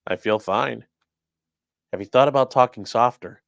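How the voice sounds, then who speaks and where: A man's voice: medium pitch, moderate pace, gravelly, long pauses, fairly bright tone, dry recording. A man who has worked as a defense attorney, talking loosely about a trial in casual live-stream commentary, swearing and acting out courtroom exchanges. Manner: loose and profane, acts out courtroom quotes.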